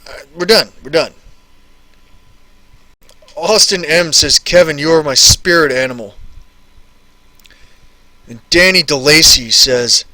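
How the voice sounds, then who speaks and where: A man's voice: fairly high pitch, pushed and bright, no room sound. A man in his thirties casually chatting on a live stream, answering viewer questions and rambling and repeating phrases.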